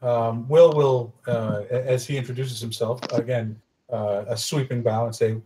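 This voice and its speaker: A man taking his turn at a tabletop game, casual and stop-and-start as he decides what to do. His voice sits at an ordinary middle pitch. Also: steady tone, moderate pace, mellow, slight background noise, poor audio. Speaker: player.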